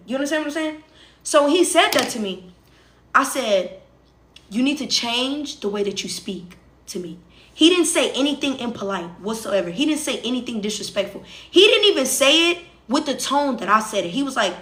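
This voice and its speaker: Young woman livestreamer, high bright voice, chatty and emphatic, echoey room sound. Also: animated, a little fast. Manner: conversational, emphatic, repeats phrases, asks listeners for agreement. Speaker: livestream host. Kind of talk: casual storytelling to viewers.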